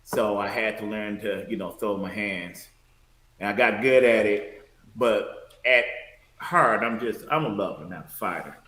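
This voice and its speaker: A man from Detroit, a former bouncer, chatting as a podcast guest in a relaxed, storytelling way. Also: lowish voice, measured pace. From Detroit, USA. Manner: relaxed, storytelling, laughs easily. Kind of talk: casual chat. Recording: echoey room.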